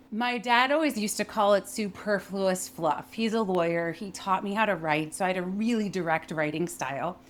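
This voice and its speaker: Young woman voice coach, a bit low-pitched, clear and emphatic, faint hum in the background. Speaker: voice and communication coach. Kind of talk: instructional talk with spoken demonstrations.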